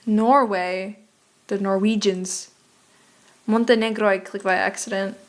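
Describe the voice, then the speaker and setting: Slow-talking, swearing woman streamer. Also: medium pitch, fairly even intonation. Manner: profane, exasperated muttering while playing. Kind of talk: casual game stream chat.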